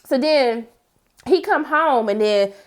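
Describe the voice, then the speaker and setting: A woman's voice: sits high, slow. A woman casually recapping a reality TV episode as host, acting out what people said in exaggerated voices. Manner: animated, acts out quotes in exaggerated voices.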